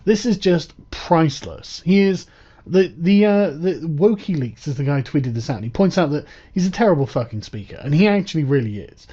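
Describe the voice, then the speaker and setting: A sarcastic man talks over a clip, mocking and swearing as he picks it apart. His voice is slightly high and dark in tone. The audio is dull and lo-fi. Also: lively intonation, fairly quick, slightly rough. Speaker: commentator. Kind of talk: reaction commentary.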